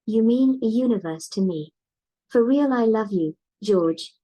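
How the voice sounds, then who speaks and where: A woman's voice: a little high, expressive, unhurried, mellow, rough recording. A woman's synthetic voice with a British accent, an AI companion giving short, repetitive affectionate replies.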